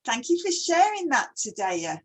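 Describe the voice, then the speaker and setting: A chatty woman hosts a relaxed online talk. Her voice is fairly high and a little breathy, and her pitch swings up and down a lot. She keeps firing questions at her guest. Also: normal speed, rough recording. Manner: chatty, asks many questions. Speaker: host. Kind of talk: casual online chat.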